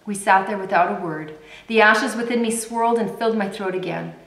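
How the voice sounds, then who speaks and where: A woman reading a novel aloud in a measured, dramatic way. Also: mid-range voice, creaky, a bit bright. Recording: roomy echo.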